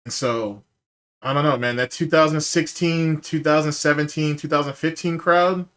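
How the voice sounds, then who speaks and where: A man's voice: fairly high pitch, fairly even intonation, normal speed, fairly bright tone. A man hosting a live podcast in casual chat, loose and profane, reacting to viewer messages. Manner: profane, loose and chatty, bursts into laughter. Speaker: podcast host.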